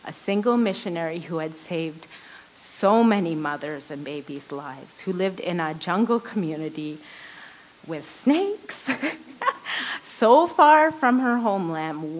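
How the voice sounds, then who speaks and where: Slow, earnest woman telling a devotional story. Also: sits low, lively intonation, slight background noise, rough recording. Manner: earnest storytelling, often laughing softly mid-sentence. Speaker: women's ministry speaker. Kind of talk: personal devotional talk.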